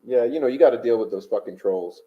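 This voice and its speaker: Talking fast in a medium-pitched voice, a man runs a livestream and reads chat and super chats aloud. He rambles combatively with plenty of fillers, and the sound is dull lo-fi stream audio.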